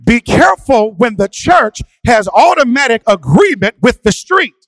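A male preacher who swings from hushed, quiet asides to sung, shouted preaching. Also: very high-pitched, sing-song, moderate pace, no echo. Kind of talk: sermon.

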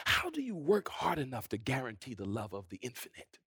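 A man preaching a sermon, building to shouted, rhythmic repetition and then dropping to hushed, drawn-out phrases. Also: mid-range voice, wildly swooping pitch, slightly rough, no room sound, studio quality.

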